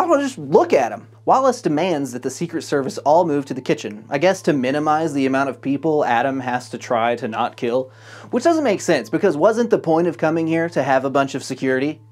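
A man's voice: fairly high pitch, darkish tone. A man narrating a comedic movie recap, with sarcastic, profane asides.

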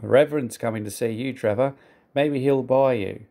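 A man's voice: mid-range voice, normal speed, dark tone, natural voice. A man doing a cheerful, confident engine driver.

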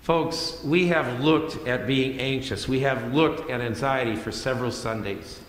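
A man's voice: mid-range voice, unhurried, slight background noise. Man preaching in an echoey sanctuary. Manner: conversational, repeats phrases for emphasis. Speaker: pastor. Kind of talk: sermon. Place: church sanctuary. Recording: echoey hall with long reverb.

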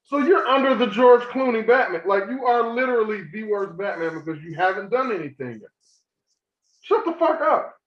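High-voiced man ranting in an echoey room. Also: a little fast, hardly any pauses. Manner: ranting, profane, swings loud and high when worked up. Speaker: podcast co-host. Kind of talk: heated casual chat. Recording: echoey room, dull lo-fi sound.

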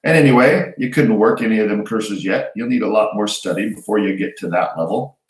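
A man's voice: on the low side, a little fast, lightly acted. A man voicing a big, kindly, folksy giant groundskeeper. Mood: bluff. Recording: roomy echo.

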